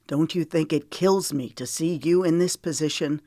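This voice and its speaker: A woman's voice: deep voice, unhurried, dry recording, clean studio sound. A woman narrator voicing a weary, protective male friend in an audiobook, blunt and earnest. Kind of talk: audiobook character voice.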